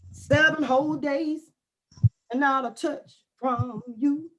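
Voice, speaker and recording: A woman, ranting loudly and comically in casual talk, often shouting. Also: high voice, takes it slowly, a little hiss or hum. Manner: loud animated ranting with frequent shouting. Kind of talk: casual comic rant to camera.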